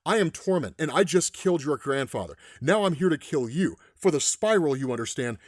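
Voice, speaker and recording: A man's voice: a little high, animated, brisk, no room sound, studio quality. A man reading the lines of a menacing male comic-book villain, voicing cold, matter-of-fact threats. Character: menacing male villain hunting a family line.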